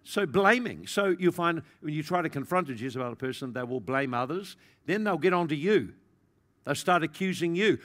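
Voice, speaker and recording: A man preaching a sermon, acting out the people he describes and swinging between loud and soft. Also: normal speed. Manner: animated, acts out quoted voices, big swings in pitch and loudness. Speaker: pastor.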